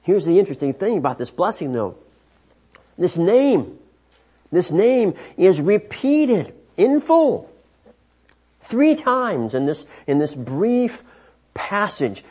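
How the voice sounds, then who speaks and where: A man teaching scripture in a measured, emphatic way, often restarting his phrases as he explains. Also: a little high, dark tone, slightly rough. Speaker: Bible teacher. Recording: dull lo-fi recording.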